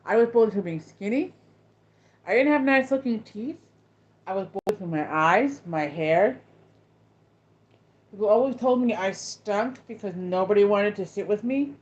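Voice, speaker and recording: A woman's voice: medium pitch, lively intonation, normal speed, long pauses. A woman hosting a casual chat with viewers, telling a story in a rambling way with many restarts. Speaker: host. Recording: dull lo-fi sound.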